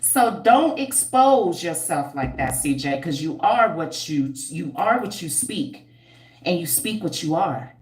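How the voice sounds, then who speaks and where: A hair care entrepreneur hosting a laid-back livestream speaks unhurriedly in a fairly low voice with a roomy sound. She teases bluntly in slang as she reads viewer comments, animated and preachy, with frequent squeals and laughs.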